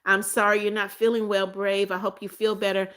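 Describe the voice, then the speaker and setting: A woman's voice: medium pitch, little pitch movement, fairly quick, a bit bright, clean tone. A woman who used to teach, hosting a casual live stream where she reads viewer comments aloud and answers them with repeated greetings and frequent restarts.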